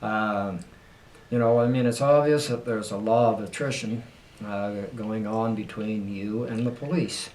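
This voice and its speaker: A man's voice: on the low side, measured pace, a little mellow, distant mic. A man answering interview questions in a hesitant, rambling way, slipping in wry jokes. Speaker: guest. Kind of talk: casual interview. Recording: echoey room.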